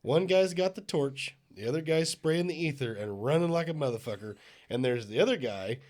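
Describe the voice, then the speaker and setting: A man's voice: mid-range voice, lively intonation, fairly quick, darkish tone. Emphatic, swearing man recalling old times. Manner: emphatic, profane, laughs. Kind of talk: casual chat, recounting memories.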